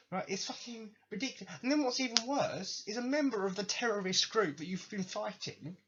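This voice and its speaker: A young man rants on a podcast, swearing freely and full of sarcasm. His husky voice swings up and down a great deal, and the recording sounds dull and lo-fi. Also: high voice. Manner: profane, sarcastic ranting. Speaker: podcast host. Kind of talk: ranting commentary.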